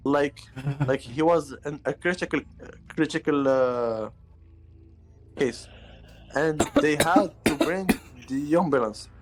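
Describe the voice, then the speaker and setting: Man telling a story on stream, halting and slow, music playing loudly behind. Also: a little high. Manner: halting, many fillers.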